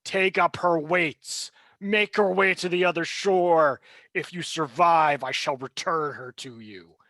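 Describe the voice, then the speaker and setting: Guy putting on a slow smug alien villain, higher and louder than his normal talk, dry sound. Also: dry recording, exaggerated voice. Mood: gloating. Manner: slow, theatrical, gloating. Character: mocking ancient male alien being, cruel captor.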